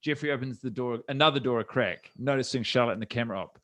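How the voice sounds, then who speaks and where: A man's voice: mid-range voice, fast, a bit bright, no echo. A man with a New Zealand accent reading stage directions aloud for a live comedy script reading, dropping wry asides.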